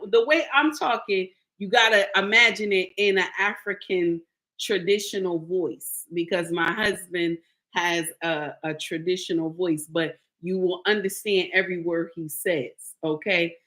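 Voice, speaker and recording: A woman vlogging casual commentary, telling stories in an animated, emphatic way. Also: medium pitch, unhurried.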